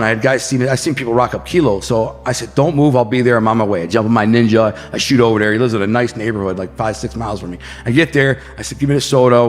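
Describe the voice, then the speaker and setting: An American man from the Detroit area, a podcast guest telling crime stories in a casual, animated way and acting out gunshots and quotes. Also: mid-range voice, in a large hall. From Detroit area, USA.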